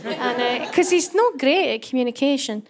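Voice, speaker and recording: A woman's voice: high-pitched, normal speed. A middle-aged Scottish woman doing stand-up comedy, telling a story and acting out the voices of the people in it. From Scotland. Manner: animated, acts out voices, laughs through punchlines.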